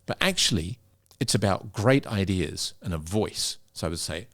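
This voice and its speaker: Middle-aged male coach, animated and demonstrative, lowish voice. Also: moderate pace, hardly any pauses. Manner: animated, demonstrates vocal emphasis. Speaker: pitch coach. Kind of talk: interview conversation.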